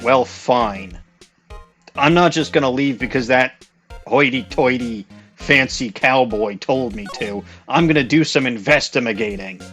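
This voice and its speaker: Animated joking man commenting on a game. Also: medium pitch. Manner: animated, joking, quick exclamations. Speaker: let's play host. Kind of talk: casual let's play commentary.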